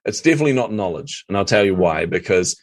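Fast-talking, emphatic low-voiced man. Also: dry recording, clean studio sound. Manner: energetic, emphatic, laughs often. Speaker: guest, marketing coach. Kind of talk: casual interview chat.

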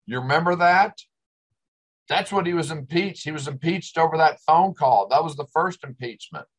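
A man's voice: fairly high pitch, normal speed, low-quality recording. An older man hosting a talk show, ranting with exasperation and sarcasm. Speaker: host. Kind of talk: ranting commentary.

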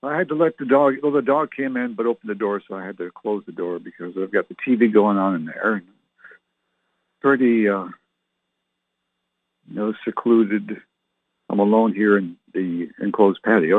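A man's voice: medium pitch, breathy edge, dry recording. A man in his sixties hosting his own show, talking alone from a home patio in a chatty, joking, meandering way. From Canada. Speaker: show host. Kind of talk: rambling solo monologue. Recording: tinny phone-like line, dry.

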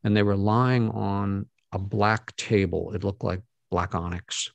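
Gravelly low-voiced man telling a story. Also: steady tone, no room sound, muffled recording. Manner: earnest, halting, with many fillers and restarts. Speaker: guest speaker. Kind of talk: storytelling talk to an audience.

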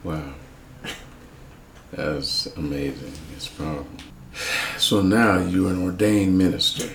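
A very deep, gravelly-voiced man hosting an interview at an unhurried pace. He mostly offers brief murmured reactions and short questions. The recording is echoey with faint noise in the background. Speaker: host.

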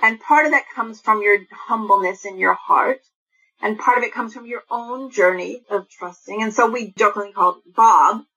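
A woman hosting a radio interview, asking calm, flowing questions. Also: medium pitch, moderate pace, husky, poor audio. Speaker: radio show host.

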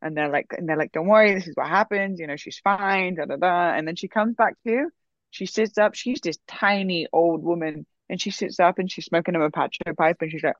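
A woman telling a personal story in a casual, animated way, full of fillers. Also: fairly low pitch, a little fast, no echo. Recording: dull, dry sound.

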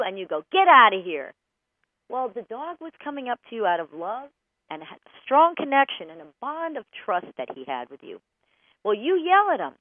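A woman hosts a radio advice show from a studio, and her voice moves a lot, rising and falling as she presses her points. She sits a little high and talks right at the listeners. The sound is dry and squeezed thin, like it is coming down a phone line. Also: no echo. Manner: animated, emphatic, addresses listeners directly. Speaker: radio show host and dog trainer. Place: broadcast studio.

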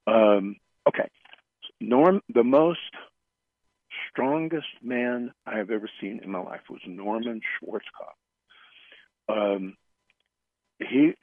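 A man, a guest on a radio interview, telling stories in an earnest, halting way that circles back on its phrases. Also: medium pitch, slightly rough, no room sound. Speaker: radio show guest, flower remedy practitioner. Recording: tinny phone line, dry.

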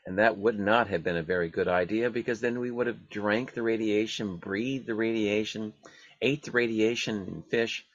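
Man with a husky, muffled voice. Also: lowish voice, steady tone, dry recording. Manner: halting, many fillers and restarts. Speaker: radio show host. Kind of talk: casual radio talk.

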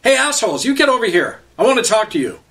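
A man's voice: fairly high pitch, animated, a little fast, a bit bright. A man playing a weathered older Cree man who talks bluntly and sarcastically, recorded from a distance off the mic. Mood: angry yelling. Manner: blunt, street-wise, sarcastic.

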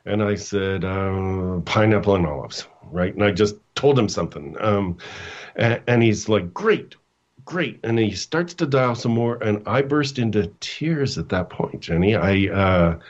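A middle-aged man with a low voice tells a story from his own life as a guest coach. He talks haltingly, restarts often and acts out quotes. The sound is dull and lo-fi, like audio from a remote call. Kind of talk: storytelling in a casual interview.

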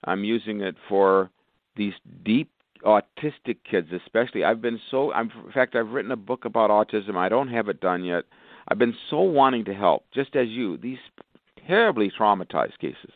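A man, a doctor, speaking as a guest in a radio interview, rambling through long lists with sudden jumps in pitch. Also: expressive, moderate pace, no room sound. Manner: rambling, lists conditions, bursts of higher pitch. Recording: phone-like narrow band, dry.

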